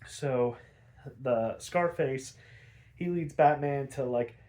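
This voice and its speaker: A man's voice: mid-range voice, slow pace, darkish tone. Tired, rambling man recapping an episode. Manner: rambling, frequent fillers and restarts, casual swearing. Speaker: podcast host.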